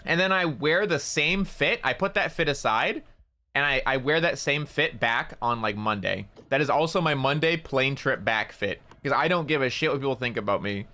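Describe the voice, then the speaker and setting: A man's voice: medium pitch, expressive, moderate pace, bright, forceful tone. A man streaming a game and telling a rambling story, stumbling over and repeating words and swearing casually. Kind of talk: casual storytelling while gaming.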